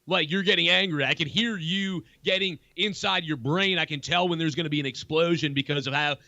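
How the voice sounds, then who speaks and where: A man's voice: fairly high pitch, fairly quick, gravelly, sharp tone, no room sound, dull audio. A man calling into a show, taunting and repeating the same insults over and over. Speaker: caller.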